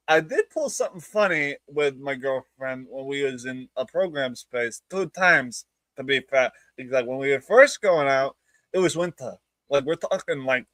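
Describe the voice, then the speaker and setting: Laughing man telling stories, slightly high. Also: a bit bright, no room sound. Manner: laughing, playful, jumps into high squeaky voices for quotes. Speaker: guest. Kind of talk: casual storytelling.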